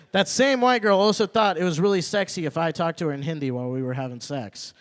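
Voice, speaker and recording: A young man performing a stand-up set at an open mic, repeating his punchlines and working up to loud, indignant rants. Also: a little high, fast, few pauses. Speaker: stand-up comedian. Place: open mic comedy night venue.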